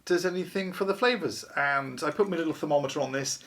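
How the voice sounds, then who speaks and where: A man's voice: fairly high pitch, quick pace, heavy background noise. A man hosting a casual beer review vlog, chatty and wry, poking fun at himself. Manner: chatty, wry, self-deprecating.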